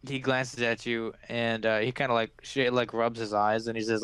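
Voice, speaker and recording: Brief: male game master, mid pitch, dry close sound, loose narration with lots of "uh" and "like". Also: little pitch movement, fairly bright tone, clear, resonant tone, no echo. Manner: halting, filler-heavy narration.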